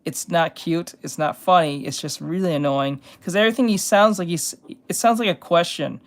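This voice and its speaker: A streamer comments live on a video in a loose, casual way. The delivery is blunt and annoyed, with stammered restarts and swearing. The voice sits at a middling pitch, close to a desk mic. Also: normal speed.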